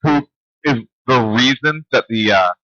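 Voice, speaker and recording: A man's voice: medium pitch, unhurried, pushed and bright, no echo, highs cut off. A man co-hosting a late-night radio talk show, chatting and teasing his partner in casual banter.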